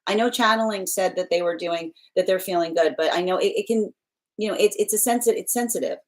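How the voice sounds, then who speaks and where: A woman's voice: on the low side, brisk. A young adult woman hosting a tarot livestream, chatting casually with viewers and laughing often, with many restarts. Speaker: tarot reader and livestream host.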